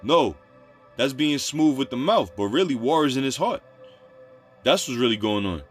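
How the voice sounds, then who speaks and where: A man's voice: medium pitch, animated, moderate pace, soft background music. A man preaching, reading Bible verses and explaining them in loose, repetitive street talk. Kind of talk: scripture teaching.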